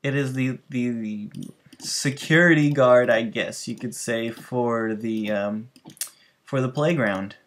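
A man with a mid-range, slightly bright voice speaks slowly while hosting a gaming channel. Over gameplay he tells loose, rambling stories straight to his viewers, full of restarts and asides.

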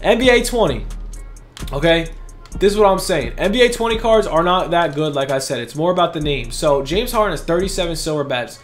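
A young man giving casual, hyped commentary over his gameplay, talking quickly and often repeating himself, a bit out of breath. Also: fairly high pitch, expressive, faint music behind. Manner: fast, hyped, repeats words while talking. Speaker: gaming YouTuber.

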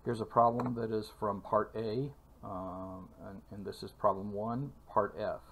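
A man teaching a calculus lecture for video, speaking in a measured way with frequent fillers and pauses. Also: on the low side, steady tone, creaky, fairly bright tone, slight background noise. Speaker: math lecturer.

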